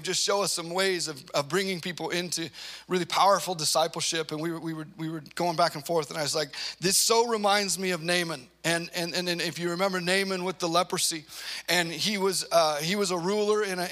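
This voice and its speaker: Brief: a high-voiced male preacher, lively storyteller acting out quotes. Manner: animated storytelling, acts out quotes. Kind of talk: conversational sermon.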